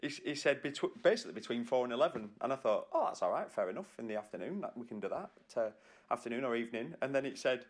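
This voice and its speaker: A man co-hosting a podcast in casual chat, joking and teasing and quick to laugh. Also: medium pitch, animated. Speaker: podcast co-host.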